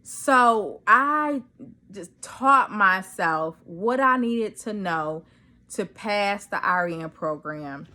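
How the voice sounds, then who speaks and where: A woman vlogging at home in casual chat, telling an excited story and acting out her own quoted dialogue. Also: mid-range voice, very slow.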